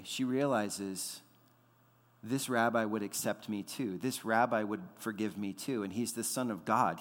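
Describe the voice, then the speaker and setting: A man's voice: medium pitch, fairly bright tone. A man in his thirties preaching a sermon as pastor, conversational, with frequent fillers and repeated words. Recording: long hall reverb.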